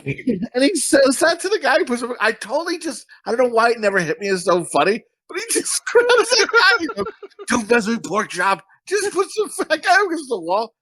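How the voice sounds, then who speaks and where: A man hosts a loose movie-review podcast, rambling from one thought to the next with plenty of swearing and laughter. His voice sits high and bright. The recording is dry and close. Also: very animated, no echo. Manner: profane, rambling and quick to laugh. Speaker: podcast host. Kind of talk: casual movie-review chat.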